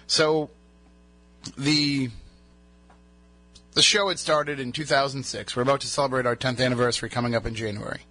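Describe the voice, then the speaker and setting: His voice only recently recovered from being lost, this radio host trades casual banter and tells rambling, chatty stories. He has a medium pitch and sharp tone, speaking at normal speed with fairly even intonation and long pauses.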